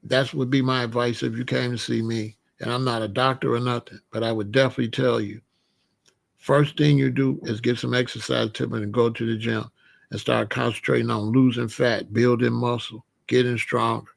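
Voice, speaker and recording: Gravelly-voiced man giving casual advice. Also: medium pitch, brisk. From Chicago area. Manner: animated, conversational, repeats and restarts. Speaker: vegan lifestyle host.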